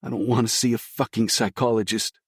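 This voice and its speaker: A man's voice: mid-range voice, moderate pace, a little mellow, no echo, clean studio sound, voice pushed up, lightly acted. A man reading the lines of a grieving young man in an audiobook, strained and tearful. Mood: anguished. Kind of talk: audiobook dialogue.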